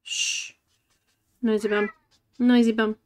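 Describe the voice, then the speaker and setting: A woman's voice: fairly high pitch, measured pace. A woman in her forties hosting a live coloring stream, chatting casually, talking to herself and greeting viewers by name. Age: 40s. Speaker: livestream host. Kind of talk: casual chat while coloring.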